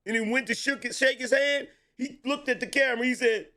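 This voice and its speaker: A middle-aged man giving casual political commentary, telling it in animated street slang and laughing between lines. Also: extremely high pitch, moderate pace, hardly any pauses.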